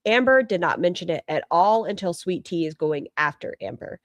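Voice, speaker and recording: A woman with a lowish voice talks through online drama in a casual, candid way. Her manner is opinionated, as if she is thinking aloud. The sound is dry and close, with little room around it. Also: animated, normal speed, no room sound. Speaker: commentator.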